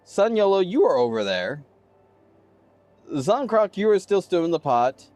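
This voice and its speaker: Lively male game master narrating. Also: high voice, a little slow, dry recording, soft background music. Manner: animated, descriptive storytelling addressing players by character name.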